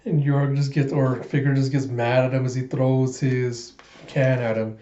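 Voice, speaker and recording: A man's voice: mid-range voice, level tone, normal speed, mellow. A man reading a comic aloud in a casual, chatty way, often laughing. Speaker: comic reader. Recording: echoey room, dull lo-fi sound.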